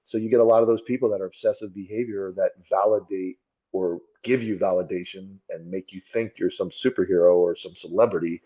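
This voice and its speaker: A man's voice: low-pitched, fairly even intonation, brisk, highs cut off. A former police officer as a podcast guest, telling his story in a blunt, profane, self-critical way. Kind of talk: candid conversational storytelling.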